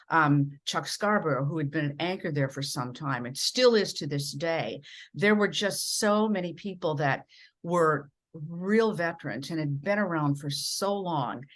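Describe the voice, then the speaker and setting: Low voice woman from minnesota, journalist guest, tells stories acting out the voices. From rural Minnesota. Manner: animated storyteller acting out voices in quotes. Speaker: interview guest, broadcast journalist. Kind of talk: storytelling in a podcast interview.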